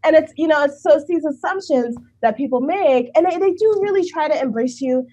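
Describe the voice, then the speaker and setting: A woman speaking as an interview guest, talking in an animated way and laughing often. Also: fairly quick. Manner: animated, acts out quoted people with big pitch jumps, laughs often. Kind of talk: conversational interview.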